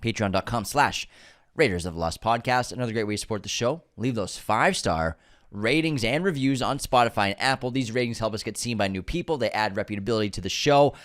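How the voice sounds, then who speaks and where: This podcast co-host has a nasal, low-leaning voice and talks fast. He trades relaxed, friendly banter and reads out the show's support plugs and promos.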